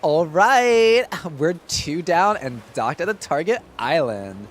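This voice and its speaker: A man putting on a cocky, gruff dude-bro pilot voice, speaking in mock-masculine radio chatter. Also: a little high, big pitch swings, slow pace, pitched above the performer's own voice, exaggerated voice. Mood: mock macho.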